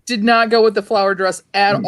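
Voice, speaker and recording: A woman hosting a casual livestream from a computer on her lap, chatty and quick to laugh. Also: medium pitch, steady tone, no echo. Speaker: host.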